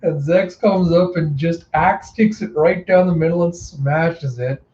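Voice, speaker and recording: A man hosting a casual, chatty readthrough of a comic, narrating the panels in an animated way. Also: a little high, a little slow. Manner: chatty, animated, self-interrupting. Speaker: host. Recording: roomy, slightly dull home recording.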